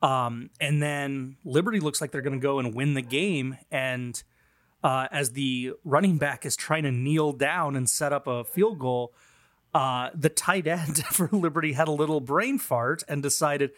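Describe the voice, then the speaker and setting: A man's voice: mid-range voice, a little slow, a bit bright, no room sound. A man in a mid-range voice talks through football games on a casual podcast, chatty and easygoing with frequent fillers. His voice is recorded dry and close, with no room sound. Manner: chatty, laughs easily, many fillers. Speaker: podcast co-host. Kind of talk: casual sports chat.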